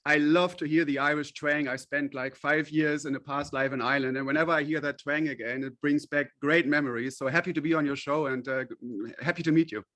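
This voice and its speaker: A man's voice: a little high, fairly even intonation, a little fast, hardly any pauses, pushed and bright. A man, a company chief executive, guest on a radio interview, explaining at length in a friendly way with frequent fillers.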